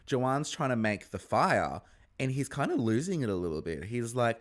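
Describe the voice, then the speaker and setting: A man giving a casual, chatty episode review, acting out the contestants with sudden high-pitched squeals. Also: moderate pace. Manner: chatty, animated, jumps into high squeals when excited. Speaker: reality TV recap host.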